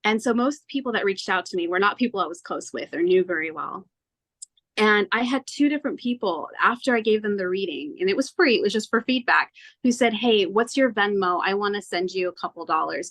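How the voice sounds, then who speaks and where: Woman tarot reader on a podcast, chatty and earnest, acts out what she used to think, mid-pitch voice. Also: a little fast. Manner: earnest, animated, acts out her own past thoughts. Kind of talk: casual storytelling in an interview.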